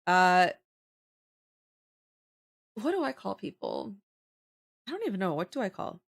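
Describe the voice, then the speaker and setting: A young adult woman, chatting casually with her live viewers. She talks in an animated way, laughs often and answers viewer comments as they come in. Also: medium pitch, measured pace, gravelly. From Canada. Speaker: livestreamer.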